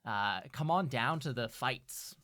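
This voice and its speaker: A man's voice: medium pitch, lively intonation, slow, pushed and bright. A man running a tabletop game as game master, narrating scenes loosely with many fillers.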